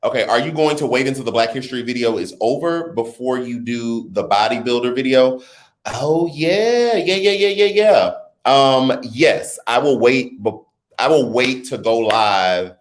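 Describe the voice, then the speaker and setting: A man hosting a casual livestream, reading viewer comments and chatting with his audience in an animated, talkative way. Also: mid-range voice, normal speed. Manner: chatty, animated, talks straight to his chat. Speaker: livestream host.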